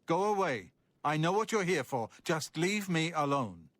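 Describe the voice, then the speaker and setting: A jittery recluse accused of vampirism. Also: male voice, a little high, sing-song, measured pace, a bit bright. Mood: dismissive. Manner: indignant, then apologetic and pleading. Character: nervous reclusive man accused of vampirism, defensive. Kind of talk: video game character dialogue. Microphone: studio voice recording.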